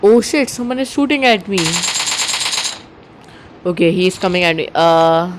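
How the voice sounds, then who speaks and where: A young man with an Indian English accent, giving nervous, excitable running commentary on his own mobile gameplay. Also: high-pitched, moderate pace, pauses often, slight background noise. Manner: excitable, panicky, talks to himself nonstop. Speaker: mobile gaming YouTuber.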